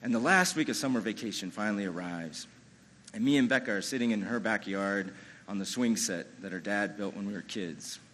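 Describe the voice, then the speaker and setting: A man's voice: fairly low pitch, fairly quick, fairly bright tone, slight background noise, low-quality recording. A man telling a true-feeling personal story live on a ballroom stage, in a conversational way with lots of "you know" and "like". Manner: amused, chuckles through the telling.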